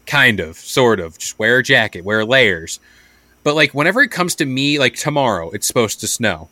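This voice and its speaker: Bright rambling young man. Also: mid-range voice, very animated, normal speed, dry recording. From New York. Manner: rambling, says "like" a lot. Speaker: podcast co-host. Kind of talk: casual chat.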